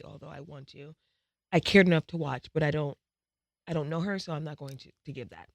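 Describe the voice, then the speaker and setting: A man chatting casually as a podcast co-host, telling animated stories. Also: fairly high pitch, a little fast, gravelly, no echo. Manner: animated storyteller. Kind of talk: casual chat.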